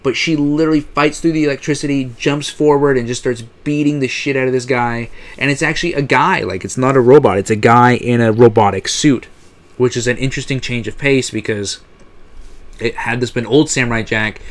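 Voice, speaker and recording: A man's voice: mid-range voice, brisk. A man giving a casual recap of a TV episode, rambling with restarts and the odd swear word. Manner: rambling, many fillers and restarts, frequent swearing. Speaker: TV episode reviewer.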